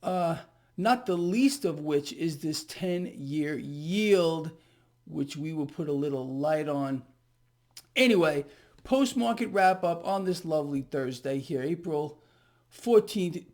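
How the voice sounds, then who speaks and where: Sarcastic, high-pitched man doing market commentary. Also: darkish tone. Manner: sarcastic, emphatic, conversational. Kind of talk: casual market commentary video blog.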